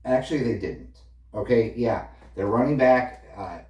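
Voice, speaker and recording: A sports fan rants about football, casual, opinionated and dismissive, reeling off stats. His mid-range voice is warm and unhurried. He's a little far from the mic in an echoey room, with slight background noise.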